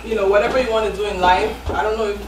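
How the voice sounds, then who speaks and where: A woman hosting a live event, giving a motivational pep talk with hesitant ums. Her voice is distant from the mic, in an echoey room with steady background noise. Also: medium pitch, very fast. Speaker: event host.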